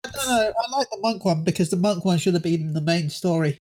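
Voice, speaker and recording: High-voiced man in game chat. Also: lively intonation, brisk, a little mellow. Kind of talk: casual gaming chat.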